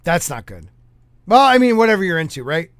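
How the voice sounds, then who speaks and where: High, smooth-voiced joking podcast host. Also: male voice, very animated, brisk, no room sound. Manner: joking, stumbles over words while reading. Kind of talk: casual chat, reading old newspapers aloud.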